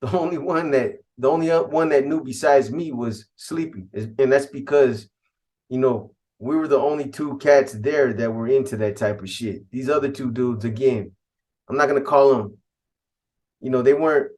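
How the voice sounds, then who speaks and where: A man's voice: medium pitch, normal speed, a little mellow. A man casually telling a first-person story in laid-back street slang, with frequent restarts and asides. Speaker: podcast storyteller.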